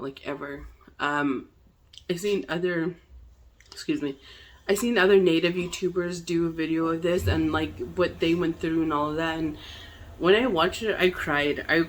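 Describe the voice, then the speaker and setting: A young adult woman from the Navajo Nation, talking to camera in a candid personal vlog, halting with fillers and restarts. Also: deep voice, a little hiss or hum. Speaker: vlogger.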